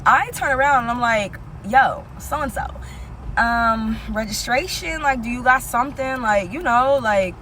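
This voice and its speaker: A woman with a slightly high voice tells a story straight to camera in a loose, casual way. She swears freely and keeps calling out to her viewers. A faint hum of noise sits under her voice. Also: a little slow. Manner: animated, profane, talks straight to viewers as "y'all". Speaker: vlogger telling a story.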